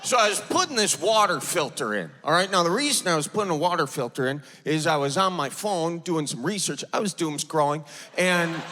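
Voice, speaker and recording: A stand-up comedian in his thirties with an Upper Midwest accent, telling stories in a folksy, playful way before a live audience on stage. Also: on the high side. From Wisconsin. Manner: folksy, animated, playful storytelling. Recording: loud live audience noise.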